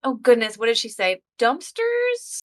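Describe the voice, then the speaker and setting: A woman playing a tabletop game, chatting in an animated way. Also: a little high, moderate pace. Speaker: player. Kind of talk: casual tabletop game chat.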